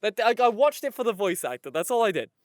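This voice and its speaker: A young man co-hosting a podcast in casual chat, ranting excitably with lots of swearing. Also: high voice, fast, no room sound, studio quality. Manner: excitable rants, heavy swearing. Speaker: podcast co-host.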